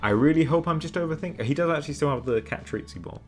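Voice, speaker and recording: A man's voice: on the high side, fast talker, soft background music. A young man streaming a story game, reading the narration aloud with playful drama and laughing at his own slips. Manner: animated, laughs through slips.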